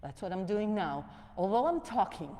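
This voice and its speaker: A woman yoga instructor with a non-native English accent, gently cueing poses and breathing as she leads a class on a mic in a yoga studio. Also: mid-range voice, expressive, moderate pace. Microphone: wearing a mic. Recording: long echo of a studio hall.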